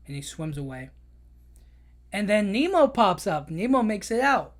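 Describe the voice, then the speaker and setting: In a high, sing-song voice at a moderate pace with long pauses, a man recaps a movie on his podcast. His storytelling is emotional and casual, full of fillers like "you know."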